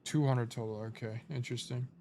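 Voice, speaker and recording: A man's voice: medium pitch, fairly even intonation, fairly quick, background noise. A man giving casual live-stream coaching on a game replay, thinking aloud in a laid-back, slightly sleepy way and often trailing off to correct himself.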